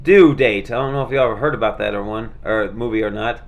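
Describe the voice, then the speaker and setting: A man's voice: fairly low pitch, fast. Rambling laid-back man. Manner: rambling, many fillers and restarts, laid-back. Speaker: vlogger showing his movie collection. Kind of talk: casual rambling chat.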